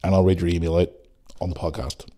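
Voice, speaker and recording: A man ranting on his own podcast, exasperated and full of sarcasm. His voice sits a little low for a man. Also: flat delivery, fast, dark tone. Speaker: podcast host. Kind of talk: solo podcast rant.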